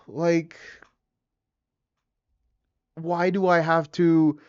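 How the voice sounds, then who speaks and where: A man's voice: fairly high pitch, steady tone, slow pace, long pauses, a little mellow, smooth, lo-fi sound. Rambling, profane young man ranting. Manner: rambling, profane, many restarts and fillers. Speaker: vlogger. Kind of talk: casual rant to camera.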